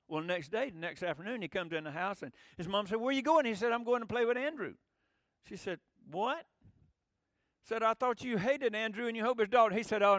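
High-voiced preacher man, dry sound. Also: fairly bright tone, dry recording. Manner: conversational preaching, rising for emphasis. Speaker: pastor. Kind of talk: sermon.

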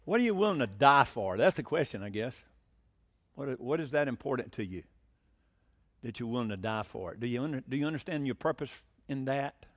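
A man preaching a sermon as pastor, animated, asking rhetorical questions and chuckling between points. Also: mid-range voice, a little fast.

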